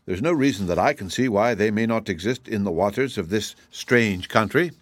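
A man voicing a kindly little male wizard who admits to being a humbug, explaining things gently in an audiobook reading. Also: fairly low pitch, animated, moderate pace, dry recording.

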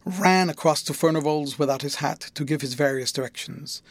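A male audiobook narrator reads a classic novel in a measured, even way. His voice is a touch higher than most men's. The recording is close and dry, with no room echo. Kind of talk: scripted narration.

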